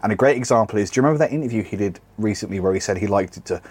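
A man's voice: lowish voice, racing, a little mellow, breathy edge, dry recording. A man co-hosting a comedy podcast, talking in a sardonic, rambling way and swearing freely. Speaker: podcast co-host. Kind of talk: casual comedic chat.

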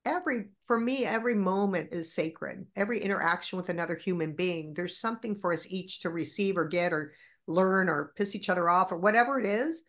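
Animated, foul-mouthed woman storyteller. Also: fairly low pitch, a little fast. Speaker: guest. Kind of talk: candid podcast conversation.

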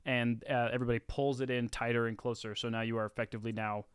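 A game master narrating a tabletop role-play with animated energy, recorded dry and close. The voice sits at a middling pitch and breaks into character lines now and then. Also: fast, clear, resonant tone, no room sound.

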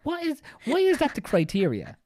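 A woman co-hosting a podcast, talking quickly and jokingly in casual chat. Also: sits high, huge pitch swings, darkish tone, dry recording, clean studio sound. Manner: fast-talking, jokey, breaks into mock announcer voices. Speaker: podcast co-host.

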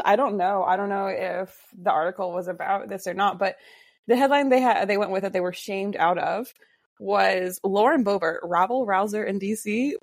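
A woman's voice: mid-range voice, vocal fry, no echo, studio quality. A woman filling in as a podcast guest over a call, chatting wryly and sarcastically about politics. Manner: wry, sarcastic. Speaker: guest co-host. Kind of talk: casual political chat.

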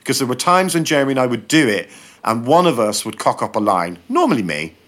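A man, a comedian and actor, chatting as a podcast guest and acting out the quotes in his stories. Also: fast. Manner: animated, acts out quotes with shifting pitch. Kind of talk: casual podcast chat, storytelling.

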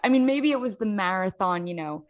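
A woman with a Philadelphia accent, co-hosting a casual podcast and telling an animated story full of "like"s. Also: medium pitch, brisk. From South Jersey near Philadelphia. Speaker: podcast co-host. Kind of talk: casual chat.

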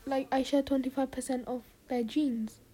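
A woman from Catalonia whose first language is Spanish or Catalan, speaking British-leaning English in a casual chat, soft-spoken and quick to laugh or protest. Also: sits high, fairly even intonation, breathy edge. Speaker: guest, cousin.

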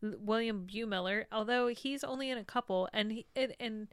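Female podcast co-host, crystal-clear voice, dry close sound, chatty. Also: a little high, brisk, no room sound. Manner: chatty, lists names with fillers. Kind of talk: casual chat.

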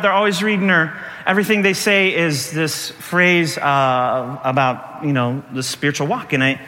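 A middle-aged pastor preaches with a high, bright voice in a church hall. He tells stories with animation and laughs as he talks. His voice carries a long echo, with faint noise behind it. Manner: animated storytelling, jumps high when acting out panic. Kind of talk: sermon.

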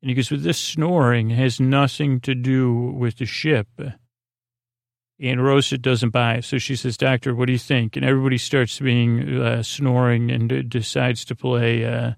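A man hosting a sleep podcast, retelling a TV episode in a meandering, halting way with lots of fillers and restarts. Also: medium pitch, little pitch movement, gravelly, no echo, clean studio sound. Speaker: podcast host. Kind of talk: rambling bedtime retelling of a TV episode.

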